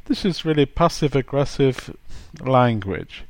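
A man's voice: mid-range voice, animated, takes it slowly, a little mellow, dry recording. A man giving a chatty, playful grammar lesson, acting out example sentences. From England. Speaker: English teacher.

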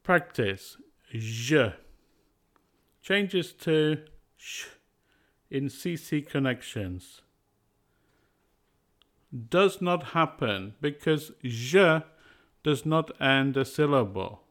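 Male teacher for a pronunciation course; scripted, deliberate reads at a very slow pace. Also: fairly high pitch, lively intonation, a bit bright. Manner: slow and deliberate, carefully spaced words.

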